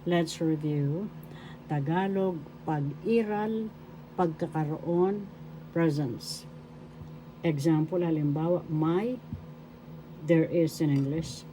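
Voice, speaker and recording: A woman from the Philippines teaching a slow language lesson, measured and repeating each example phrase. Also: deep voice, mellow, a little hiss or hum, poor audio.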